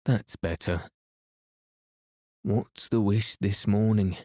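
A man's voice: lowish voice, fairly even intonation, slow pace, dark tone, no echo, clean studio sound. A man voicing a cross, ancient, small furry sand fairy in a bedtime storybook reading, with curt, grumpy lines.

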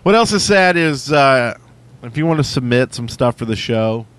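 A man hosts a podcast in an easygoing, joking way, dropping the odd curse word. His voice sits at an ordinary middle pitch. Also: lively intonation, moderate pace, a bit bright. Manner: loose, swearing, joking. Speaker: podcast host. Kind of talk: casual podcast chat.

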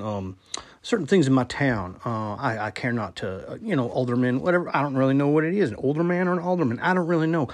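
A man rambling through a comic voice message to a podcast host, stammering, repeating himself and contradicting his own jokes. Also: medium pitch. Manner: absurd self-contradicting asides. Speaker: listener sending a voice message to a podcast. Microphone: phone voice recorder.

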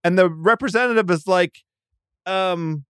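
A man's voice: high-pitched, measured pace, fairly bright tone, clean tone, dry recording, clean studio sound. A man as a podcast guest in casual sports chat, rambling and restarting his sentences often. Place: Washington DC.

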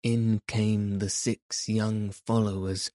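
A man narrating a classic story in an expressive, measured audiobook reading. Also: fairly low pitch, no room sound, clean studio sound.

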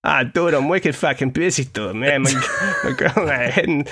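Man putting on a brash, profane Boston guy, pitched up. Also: moderate pace, bright, forceful tone, husky. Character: young adult Boston man, crude and rushed.

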